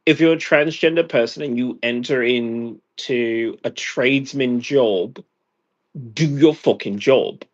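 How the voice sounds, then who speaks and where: A man's voice: medium pitch, slow pace, highs cut off. An exhausted American man venting angrily in a profane monologue. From United States. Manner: angry, profane rant. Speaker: vlogger.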